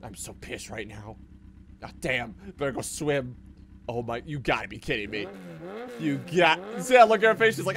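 A man streaming a video game, giving casual, excitable commentary full of swearing and jokes. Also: mid-range voice, normal speed, noisy background. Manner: excitable, profane, joking.

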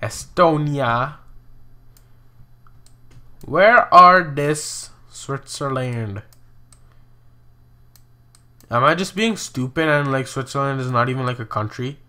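Speaking slowly with long pauses, the young gaming host has a mid-range, pushed and bright voice. He gives chatty commentary on a geography guessing game, full of exclamations and self-mockery.

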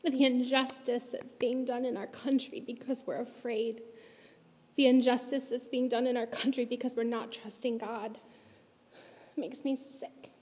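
A woman's voice: a little high, level tone, measured pace, a little mellow. A woman giving an impassioned, emotional talk to a church congregation, pressing her points with urgent emphasis. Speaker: church speaker. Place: large church auditorium. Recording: long hall reverb from a church auditorium.

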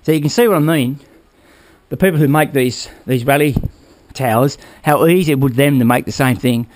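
A man's voice: mid-range voice, brisk, darkish tone. A man casually talking viewers through a motorbike build in his workshop, rambling and checking in with "all right?" as he goes. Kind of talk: casual workshop how-to talk.

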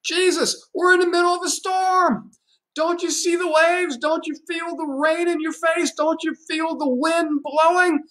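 A man's voice: very high voice, steady tone, moderate pace, voice pushed up. A man acting out a frantic disciple in a storm. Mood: panicked, yelling. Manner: shouting desperate questions. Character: panicked male disciple yelling through a storm.

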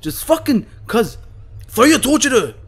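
A young man, panicking through a horror game while he swears and shouts at the screen. His voice sits high and swings wildly up and down, with a husky edge. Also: big pitch swings, moderate pace. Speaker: gaming YouTuber. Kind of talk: horror game let's play.

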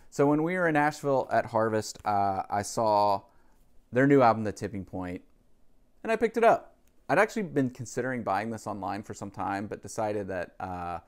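Low-voiced guy rambling on about stuff he bought, casual vlog chat. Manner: chatty, rambling, with fillers and asides. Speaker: vlogger, record collector. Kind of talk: casual music haul vlog.

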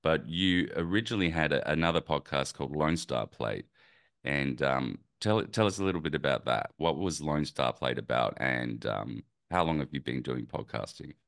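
A man's voice: a bass voice, normal speed, vocal fry, no echo, studio quality. A man hosting a podcast, chatting casually and thoughtfully with a guest. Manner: relaxed, thoughtful, rambling with fillers. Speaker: podcast host interviewing a guest. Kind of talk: casual conversation.

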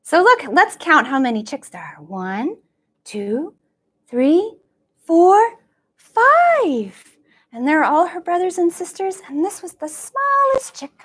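A woman's voice: very high-pitched, very animated, takes it slowly, a bit bright. A woman leading a live-streamed baby storytime as a children's librarian, talking sing-song and playful, making animal sounds, heard through a camera across the room.

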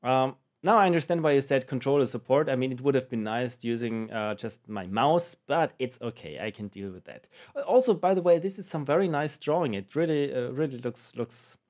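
A man comments on a game as he plays it, thinking aloud and joking along the way. His voice is lively and jumps around in pitch. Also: brisk, few pauses. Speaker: let's play host.

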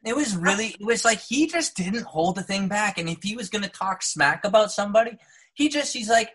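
Canadian actor guy on a podcast, trained neutral north american accent, bright edgy tone with a bit of husk, animated, does little voices for quotes. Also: high-pitched, a little fast, husky. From Saskatchewan, Canada. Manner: animated storyteller, acts out quotes. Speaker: guest, actor. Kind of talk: casual podcast interview.

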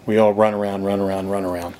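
A man's voice: on the low side, little pitch movement, quick pace, a little hiss or hum. A man giving a casual, enthusiastic walking tour of a cabin by a creek, talking to the viewer as he goes. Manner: chatty, enthusiastic, drops into soft whispers indoors. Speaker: real estate vlogger touring a property. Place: outdoors by a creek and inside a log cabin.

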